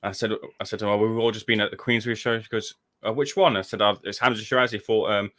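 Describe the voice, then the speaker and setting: A man's voice: lowish voice, fast talker. A man, a guest on a podcast, telling a casual story and acting out the dialogue. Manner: animated storyteller, acts out dialogue.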